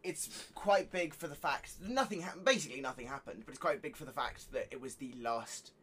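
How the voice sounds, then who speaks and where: A man's voice: medium pitch, expressive, brisk, fairly bright tone, husky. Rambling young man co-host. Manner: rambling, chatty, filler-heavy. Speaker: podcast co-host. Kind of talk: casual chat.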